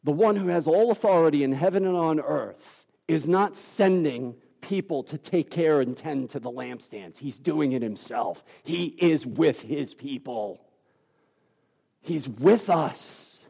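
Gravelly, slow-preaching man. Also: a little high, animated, dark tone, in a large hall. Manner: emphatic, deliberate preaching with dramatic pauses. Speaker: pastor. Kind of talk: sermon.

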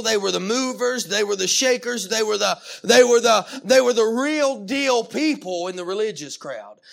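A man preaching a sermon, animated and emphatic, with frequent restarts and calls of amen. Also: high-pitched, creaky. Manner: animated, with many restarts and Southern-style "y'all".

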